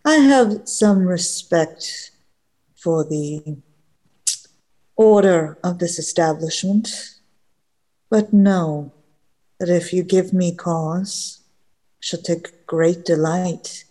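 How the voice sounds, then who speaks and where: A woman doing a haughty male paladin who sneers down at his visitors. He talks slowly, in cold, clipped, contemptuous threats. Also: on the low side, warm tone. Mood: menacing.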